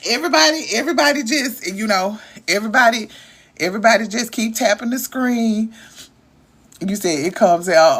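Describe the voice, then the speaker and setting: A woman's voice: fairly high pitch, normal speed, a bit bright. A woman, hosting a casual livestream and talking straight to her viewers in a chatty, emotional way. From Arkansas. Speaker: livestream host.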